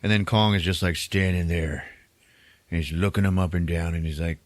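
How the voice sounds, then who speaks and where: Deep-voiced chatty podcast host. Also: male voice, steady tone, moderate pace, no echo. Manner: chatty, laughs often, acts out quotes. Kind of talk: casual movie recap.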